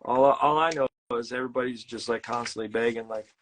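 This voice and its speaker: Guy rambling through a goofy tall tale while he paints on stream, mid-pitched, lots of ums and restarts, a little faint noise behind. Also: fairly even intonation, a bit bright. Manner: halting, full of fillers and restarts. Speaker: host and illustrator. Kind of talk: casual live-stream chat while painting.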